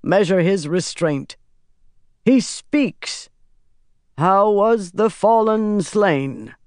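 Brief: solemn prophet-like man, slow deliberate delivery, dry close sound, voiced by an audiobook reader. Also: medium pitch, clean tone, dry recording, pitched above the performer's own voice, natural voice.

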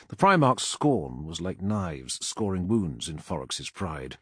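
A man narrates an audiobook in a dramatic, measured way with a husky grain. His pitch rises and falls with the action. The recording is dry and close. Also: sing-song, a bit bright, dry recording. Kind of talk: scripted narration.

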